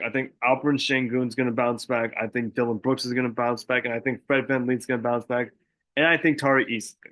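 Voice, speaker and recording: A man's voice: medium pitch, fairly bright tone. A young man hosting a sports podcast, giving his picks in a casual, rambling monologue full of fillers and self-corrections. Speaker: podcast host.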